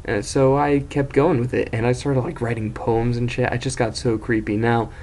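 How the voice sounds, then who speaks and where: A man's voice: medium pitch, level tone, moderate pace, darkish tone. A young man casually telling an embarrassing story as host of his own video series, rambling, self-mocking and swearing freely.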